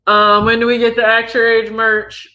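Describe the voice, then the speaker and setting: Midwestern man, 30s, channel host; easygoing chat with a sharp, bright tone. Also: extremely high pitch, normal speed. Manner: relaxed, chatty, reads viewer questions aloud. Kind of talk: casual livestream Q&A.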